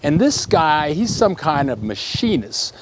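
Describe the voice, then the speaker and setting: A middle-aged man spins a story for his viewers, taking his time over each line. His voice sits a little high and swings up and down a lot as he acts out the sounds along the way. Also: unhurried, a little hiss or hum. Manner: animated, acts out sounds and shouts in his tale. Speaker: vlogger telling a story. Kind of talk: casual storytelling to camera.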